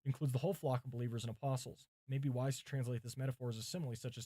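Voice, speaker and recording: Pastor, man, mid-pitched, reads study notes aloud and muses between them on a dry, close-sounding track. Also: steady tone, racing, dark tone, no echo. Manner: thinking aloud, chatting with viewers between readings. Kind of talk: livestream sermon prep, reading commentaries aloud. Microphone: mic set far from him.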